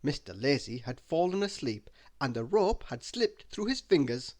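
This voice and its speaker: A man reading a children's bedtime story aloud, slow and expressive. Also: mid-range voice.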